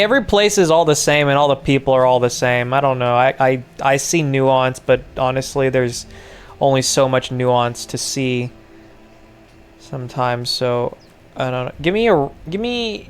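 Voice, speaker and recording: A man's voice: high-pitched, clear, resonant tone. A man giving casual gameplay commentary, rambling and sarcastic, swearing often. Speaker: gaming video creator.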